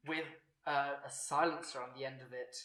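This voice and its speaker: A man's voice: medium pitch, fairly even intonation, fairly quick, sharp tone, distant mic. Male game master, loose rambling narration, roomy off-mic sound. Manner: rambling, hesitant narration with fillers. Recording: echoey room, off-mic.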